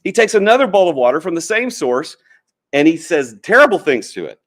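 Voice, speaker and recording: A man's voice: a little high, sing-song, a little fast, fairly bright tone. A man giving a motivational stage talk, earnest and emphatic, enthusiastic about his point. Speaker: talk speaker.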